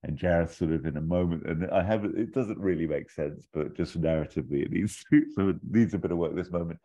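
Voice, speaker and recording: Rambling, very deep-voiced man. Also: quick pace, mellow. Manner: rambling, hesitant with fillers and giggles. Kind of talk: comedic script pitch, casual chat.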